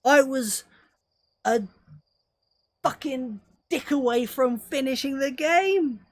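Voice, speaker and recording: A woman's voice: high-pitched, slow pace. A young woman streaming a video game live, talking to herself as she plays and swearing freely. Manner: swears freely, talks to herself while playing. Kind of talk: live gameplay commentary.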